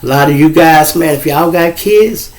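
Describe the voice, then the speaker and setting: A middle-aged man spins family stories in a casual monologue. His voice sits a little high for a man, and his delivery is profane and lively. He slips into the voices of the people he quotes. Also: moderate pace, rough recording. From Chicago. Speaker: host.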